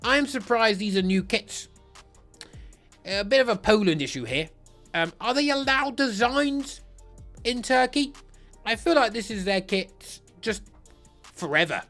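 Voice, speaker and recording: Ranking football kits for laughs, a man delivers crude, blunt, sarcastic remarks with big pitch swings. His slightly bright voice is expressive and unhurried, with long pauses, and faint music plays behind him.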